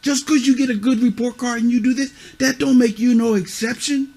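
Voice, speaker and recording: High-voiced middle-aged man as a tough mentor, scolding kids bluntly. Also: fairly even intonation, fairly quick, a little mellow. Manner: scolding, repeats "huh?" and "you see what I'm saying"; blunt, curses. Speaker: youth mentor. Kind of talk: stern lecture to children.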